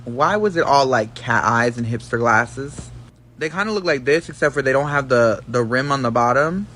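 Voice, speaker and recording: A man's voice: mid-range voice, animated, moderate pace, a bit bright, a little hiss or hum. A man giving a sassy, slangy monologue to camera, brash and full of profanity. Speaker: social media commentator.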